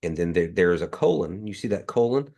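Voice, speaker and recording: Man, deep voice, nasal from allergies; patient teacher repeating sounds slowly for the class on a video call. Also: animated, a little mellow. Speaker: language teacher. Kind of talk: online language class.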